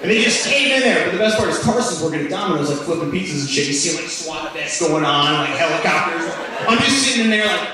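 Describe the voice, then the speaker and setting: A young man telling stand-up stories in a high, lively voice, jumping into shouted impressions. He is heard from a distance in a very echoey club. A crowd laughs loudly around him. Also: fast talker. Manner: animated, swings into loud shouting impressions. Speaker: stand-up comedian. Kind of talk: stand-up storytelling. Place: comedy club stage. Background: audience laughing.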